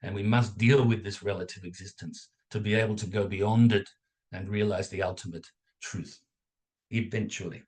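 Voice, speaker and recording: Over a video call from his home setup, a dharma teacher guides a contemplation lesson in a lowish male voice. He stays calm and measured, pausing between phrases and checking in with "okay?". The audio comes through a video call mic.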